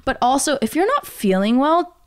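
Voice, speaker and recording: A woman in her twenties, a podcast co-host, telling a story in casual chat, animated and swearing freely as she acts out what people said. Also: high voice, moderate pace. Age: 20s.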